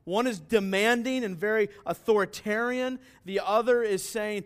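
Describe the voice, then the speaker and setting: Preaching at a moderate pace with hardly any pauses, a pastor whose voice is notably high for a man speaks with earnest emphasis. He keeps asking rhetorical questions and supplying the answers himself.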